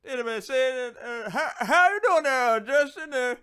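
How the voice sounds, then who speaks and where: A man imitating a rambling Southern relative with a high, strained, stammering voice and a thick Southern US accent. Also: lively intonation, a little slow, sharp tone, clean tone, heavily acted. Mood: folksy.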